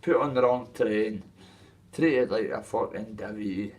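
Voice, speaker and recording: A man's voice: fairly low pitch, unhurried, a little mellow, far from the mic. A man with a Dundee Scottish accent, ranting to camera about his boxing, in a coarse, rambling way with plenty of swearing. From Dundee, Scotland. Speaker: boxer telling his story. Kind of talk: casual rant to camera.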